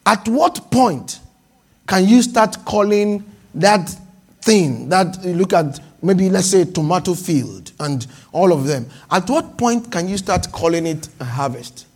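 High, gravelly-voiced man preaching a sermon. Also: animated. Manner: preaching with swings between fast asides and slow, drawn-out emphasis; repeats and restarts words often. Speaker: pastor.

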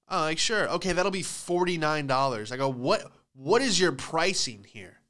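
Smooth-voiced man telling comic stories. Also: on the high side, moderate pace, hardly any pauses. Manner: animated storytelling with put-on voices for quoted people. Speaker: comedian podcast host. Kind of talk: casual comedic monologue.

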